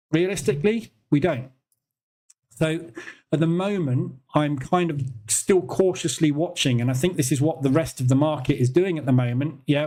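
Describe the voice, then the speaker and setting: A man hosts a live trading stream in a loose, chatty way. His voice sits a touch high for a man, and he often breaks into laughter and disbelief as he reacts. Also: a little mellow. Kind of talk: live market commentary.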